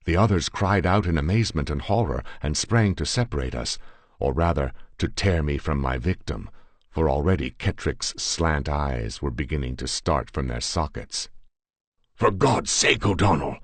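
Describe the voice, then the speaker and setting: A man reading a horror tale aloud in a measured, grave first-person narration. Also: extremely low pitch, dry recording. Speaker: audiobook reader.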